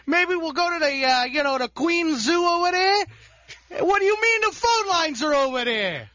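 A man's voice: extremely high pitch, lively intonation, moderate pace, pushed and bright, no room sound, lo-fi sound, exaggerated voice. A man putting on a brash, chatty Brooklyn accent. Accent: Brooklyn (put on).

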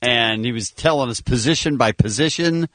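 A man's voice: medium pitch, moderate pace, a bit bright, no echo. A man hosting a morning radio show, chatting and teasing his co-hosts in a wry, casual way.

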